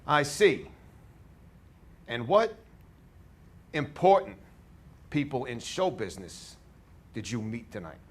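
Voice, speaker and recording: An actor in an acting class playing a skeptical man with a thick, over-the-top New York accent, slow and loud. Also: on the low side, expressive, slightly rough. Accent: New York (put on). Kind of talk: scene study acting.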